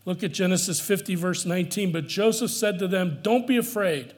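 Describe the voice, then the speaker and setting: A man's voice: sits high, a little fast. A male pastor preaching a sermon, earnest and emphatic, repeating his key phrases for weight.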